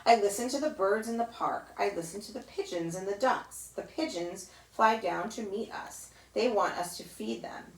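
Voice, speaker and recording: A woman who teaches yoga to children reads a picture book aloud to them, mimicking sounds in a high, playful voice. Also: moderate pace, hardly any pauses, recorded from a distance. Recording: roomy echo, voice off-mic.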